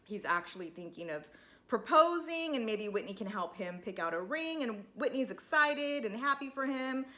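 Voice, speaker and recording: A woman's voice: fairly high pitch, expressive, normal speed, bright, forceful tone. A woman giving a casual, opinionated and sarcastic recap of a reality TV episode. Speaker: TV recap vlogger.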